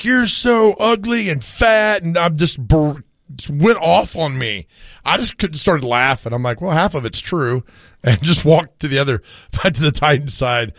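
A man's voice: mid-range voice, dry recording, studio quality. A man co-hosting a sports radio show, telling stories with frequent laughter, his voice worn from screaming. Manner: storytelling, laughs often. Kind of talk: casual sports radio chat.

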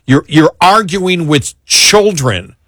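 A man hosting a political talk show, talking in an exasperated, animated way with many restarts. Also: on the high side, slow pace, no echo, clean studio sound. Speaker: talk radio host.

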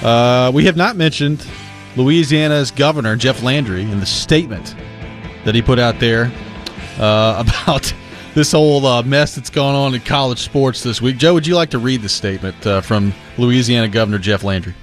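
A man's voice: mid-range voice, moderate pace, soft background music. A man hosting sports talk radio, opening a segment and handing over to his co-host with fillers. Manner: upbeat segment opener with fillers.

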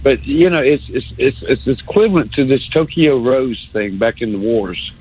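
A man with a Southern accent calling in to a sports radio show, rambling and sarcastic, stammering often and swinging his pitch up and down. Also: normal speed, slightly rough. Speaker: radio call-in caller. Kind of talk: rambling call-in rant. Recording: tinny phone line.

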